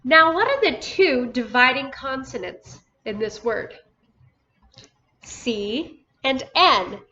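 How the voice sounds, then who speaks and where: A woman teaching a phonics lesson to first graders, slow and patient, drawing out each word and praising often. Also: sits high, animated, sharp tone, muffled recording. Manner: slow, patient, drawn-out words with encouraging praise. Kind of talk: phonics lesson for young children.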